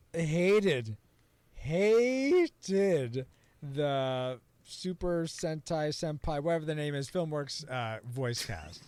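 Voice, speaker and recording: Animated man venting on a podcast. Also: fairly high pitch, dry recording. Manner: animated, venting with mock outrage. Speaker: podcast guest. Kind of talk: casual podcast chat.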